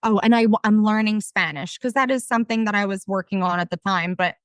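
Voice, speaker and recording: A woman's voice: mid-range voice, brisk, smooth, dry recording. Chatty woman with a South Jersey accent. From South Jersey, USA. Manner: chatty, animated, self-deprecating storytelling. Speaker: podcast guest, game show winner. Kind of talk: casual storytelling interview.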